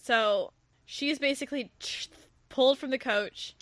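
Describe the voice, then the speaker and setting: A woman's voice: a little slow, dry recording. A woman hosting a podcast, chatting casually about a book and acting out its lines with big swings in her voice. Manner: animated, acts out quotes with big pitch jumps. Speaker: podcast host. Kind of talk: casual book discussion chat.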